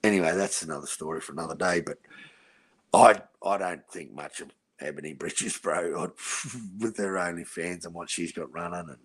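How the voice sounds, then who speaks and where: A man's voice: low voice, moderate pace, husky. A man with an Australian accent, talking boxing in a blunt, profane casual chat and calling everyone mate. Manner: blunt, crude and profane, says "mate" a lot. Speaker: podcast host.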